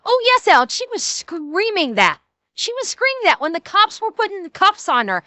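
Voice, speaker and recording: A woman's voice: very high voice, big pitch swings, moderate pace, pushed and bright, no room sound. A woman giving blunt, sarcastic, profane reaction commentary as a streamer. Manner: blunt, sarcastic, swears a lot.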